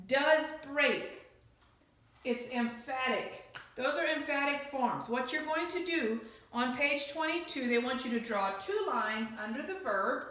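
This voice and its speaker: A woman teacher talks students through a grammar lesson with slow, patient explanations and lots of repeated examples. Her voice sits fairly high. The recording is heavily echoey, as if made in a bare room. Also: a bit bright.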